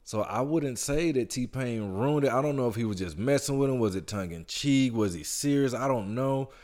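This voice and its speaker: A man in a casual podcast chat, talking in a relaxed, thoughtful way and explaining his views at length. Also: mid-range voice, moderate pace.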